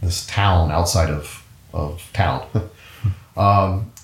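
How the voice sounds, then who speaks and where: A middle-aged man with a notably low voice tells his story as an interview guest. He rambles easily and corrects himself mid-sentence. The room around him sounds echoey. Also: steady tone, extremely slow. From United States. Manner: rambling, self-correcting, easygoing. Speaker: guest, orchestral musician. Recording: roomy echo.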